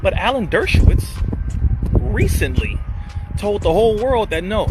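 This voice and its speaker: A man delivers fierce, accusatory commentary with a lively, swinging pitch that sits a little high. Behind him there is a steady hum of passing traffic. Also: unhurried. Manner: heated, accusatory, rhetorical. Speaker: host. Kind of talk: impassioned commentary.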